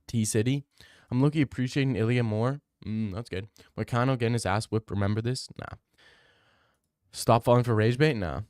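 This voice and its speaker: Young man, casual streamer chat, rambling, opinionated, medium pitch, dry close sound. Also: moderate pace, a little mellow, smooth, no room sound. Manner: rambling, opinionated, repeats himself. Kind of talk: casual chat reading live chat.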